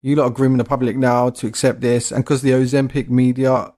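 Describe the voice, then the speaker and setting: A man's voice: medium pitch, little pitch movement, a little fast, a little mellow. Ranting young man, blunt. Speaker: podcast co-host. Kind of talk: casual chat.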